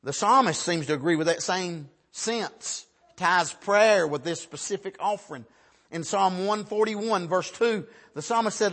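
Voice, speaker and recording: Husky high-voiced impassioned preacher man. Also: animated, moderate pace. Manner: impassioned, swings from hushed to shouting, frequent "Amen". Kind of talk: sermon.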